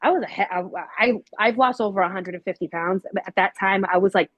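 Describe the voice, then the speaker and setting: A woman telling her paranormal investigation experiences in a casual, animated way, with many fillers. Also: mid-range voice, a little fast, dry recording, lo-fi sound. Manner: animated, acts out quoted voices with many fillers. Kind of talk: casual storytelling.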